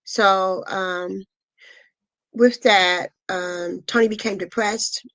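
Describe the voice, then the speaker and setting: Halting middle-aged woman, dry close sound. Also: mid-range voice, steady tone, fairly bright tone, no room sound. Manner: halting, with many pauses and fillers; earnest, intense retelling. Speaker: guest, asthma foundation founder. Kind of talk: emotional personal testimony.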